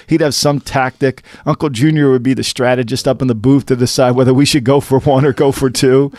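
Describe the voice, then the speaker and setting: A man co-hosting a football podcast, talking in an animated, rhetorical way and firing off questions. His voice sits at a middle pitch. The sound is dry and close, with no room around it. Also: brisk, dry recording. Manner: animated, rhetorical, laughing asides. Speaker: podcast co-host. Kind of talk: casual sports talk.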